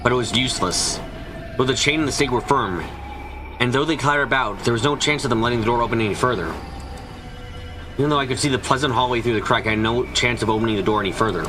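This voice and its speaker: Male streamer reading visual novel narration aloud, steady mid voice, music underneath. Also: medium pitch, quick pace. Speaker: let's play reader voicing a visual novel. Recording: music playing behind.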